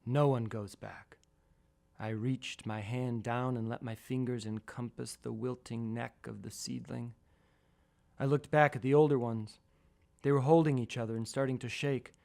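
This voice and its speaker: A man calmly reading his own first-person radio essay, measured and a little wry. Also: mid-range voice, creaky. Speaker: storyteller.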